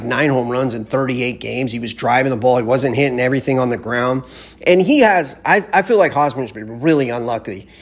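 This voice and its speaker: A man ranting casually and bluntly about baseball, with lots of profanity and rambling restarts. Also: mid-range voice. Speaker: baseball fan commentator. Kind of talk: casual sports rant.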